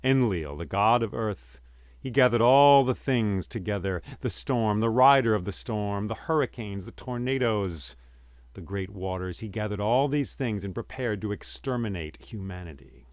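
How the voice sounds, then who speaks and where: A man voicing an ancient immortal who survived the great flood, speaking with a slow, solemn cadence. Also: fairly low pitch, no echo, studio quality, close to an everyday voice.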